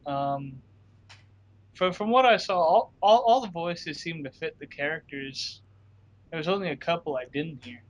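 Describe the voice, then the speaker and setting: Young man, guest, casual chat, fairly high voice, hesitant, repeats words. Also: unhurried, highs cut off, slight background noise.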